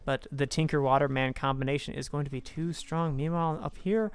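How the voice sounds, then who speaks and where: A young man casting a video game with excitable, swearing, self-mocking commentary, talking close to his microphone. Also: fairly high pitch, fairly quick, few pauses, smooth. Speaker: game caster. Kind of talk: casual esports commentary.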